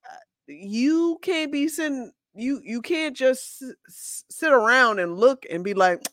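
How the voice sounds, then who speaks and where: Female podcast co-host, unhurried, emphatic and blunt, dry close recording. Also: high voice, animated, a bit bright, no room sound. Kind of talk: casual podcast chat.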